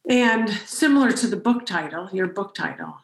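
A woman podcast host telling a story in an animated way, with frequent restarts. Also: mid-range voice, normal speed, vocal fry, roomy sound, rough recording. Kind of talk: conversational storytelling.

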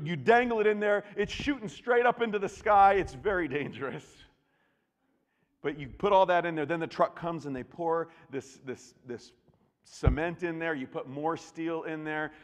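A middle-aged male pastor preaching with animated storytelling and swings of pitch and loudness. His voice sits a little high for a man. The sound rings with the long reverb of a large hall. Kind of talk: sermon.

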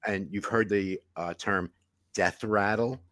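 A middle-aged man with a New York accent, a longtime EMT co-hosting a casual podcast, plainspoken and animated. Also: on the low side, slow pace, no room sound, clean studio sound. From New York City.

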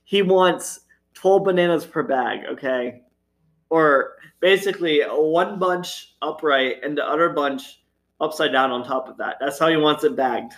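Chatty man with a higher voice. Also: a bit bright. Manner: chatty, laughs often, frequent fillers. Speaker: former grocery store cashier. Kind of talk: casual storytelling chat.

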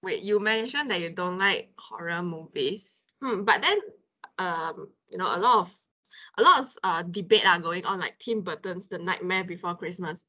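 A woman hosting a casual chat with a Malaysian English accent, playful and excitable. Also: on the low side, moderate pace.

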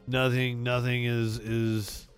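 A man's voice: mid-range voice, level tone, takes it slowly, clean tone, no echo, faint music behind. A man co-hosting a late-night comedy talk stream, bantering casually with self-deprecating, stammering restarts. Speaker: co-host. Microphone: lighter held as a prop mic.

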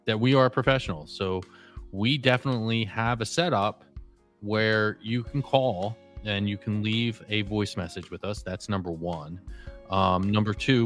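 A man co-hosting a casual podcast, trading banter with deadpan, self-mocking boasts. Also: fairly low pitch. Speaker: podcast co-host.

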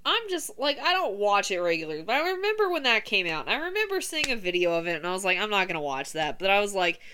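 A woman's voice: medium pitch, big pitch swings, fast talker, pushed and bright, clear, resonant tone. A woman co-hosting a podcast, chatting casually and animatedly over a remote call, swearing and laughing often. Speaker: podcast co-host. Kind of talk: casual wrestling podcast chat.

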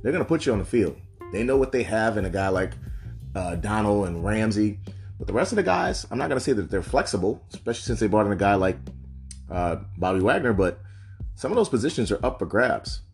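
A man's voice: lowish voice, big pitch swings, fairly quick, faint music behind. A man giving loose, conversational solo commentary on football draft picks, with frequent asides. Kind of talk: casual solo sports commentary.

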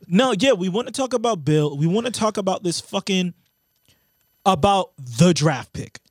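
A man's voice: high-pitched, lively intonation, moderate pace, no room sound. A man co-hosting a sports podcast, talking bluntly and profanely in casual chat. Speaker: podcast co-host.

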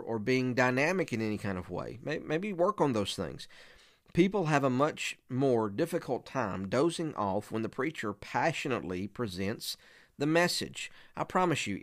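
A man's voice: medium pitch, a bit bright. A man who preaches, giving an earnest, conversational teaching talk to other preachers, often restarting and repeating words.

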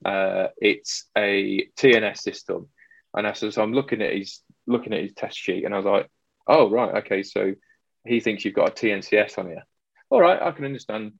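An electrician tells a story from the job in a loose, chatty way, playing both voices of the exchange as he goes. His voice sits low, with a gravelly, husky grain. It comes through a dry, dull, lo-fi recording. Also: normal speed, no echo. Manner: animated storyteller acting out both sides of a dialogue. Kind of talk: casual chat, telling a work story.

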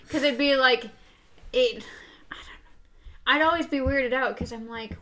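A woman's voice: fairly high pitch, measured pace, long pauses, pushed and bright. A woman in casual conversation, chatty and rambling, often laughing. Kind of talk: casual chat.

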